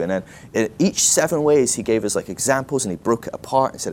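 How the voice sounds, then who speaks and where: Low-ish male voice, super animated, rambly self-deprecating sermon story. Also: fast, a little hiss or hum. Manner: casual, self-deprecating, full of "like" and restarts. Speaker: guest speaker at a ministry school.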